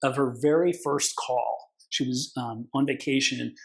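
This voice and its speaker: A man's voice: mid-range voice, fairly even intonation, measured pace, gravelly, poor audio. A man, a consumer protection attorney, telling stories casually in an interview, acting out quoted voices and swearing now and then. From California.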